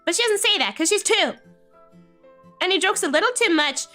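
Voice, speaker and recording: A woman streamer with a very high voice chats casually with viewers at a moderate pace, faint music playing behind her. She tells a family story animatedly, laughing often and imitating her relatives' voices.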